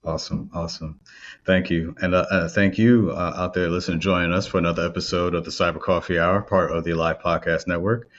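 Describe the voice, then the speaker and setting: Male podcast host, very deep voice, muffled lo-fi audio, relaxed with lots of uhs. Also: fast, slight background noise. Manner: relaxed, with frequent "uh" fillers. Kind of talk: casual podcast hosting.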